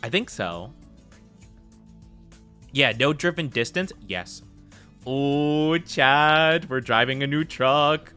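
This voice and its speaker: A man's voice: medium pitch, animated, takes it slowly, pauses often, sharp tone, clear, resonant tone, soft background music. A man chatting casually with viewers on a live game stream, rambling and giggly with lots of filler words.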